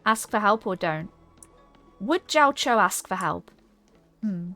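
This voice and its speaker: A woman's voice: medium pitch, animated, takes it slowly, sharp tone, soft background music. A woman streamer chatting casually and rambling while playing a game, reading her chat aloud.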